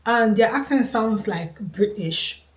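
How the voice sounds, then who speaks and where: A Nigerian woman talking straight to camera in a casual, earnest way. She keeps hammering her points home by repeating them. Her voice sits at an ordinary middle pitch and rings a little in a roomy, echoey space. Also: lively intonation, slow pace. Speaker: vlogger. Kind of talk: casual opinion talk to camera. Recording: roomy echo.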